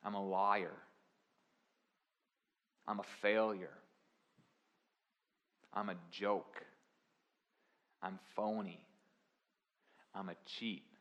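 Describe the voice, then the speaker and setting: A young man preaching a sermon, swinging from quiet confessional lines to loud, emphatic preaching. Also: on the low side, little pitch movement, drawn-out words, pauses often. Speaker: pastor.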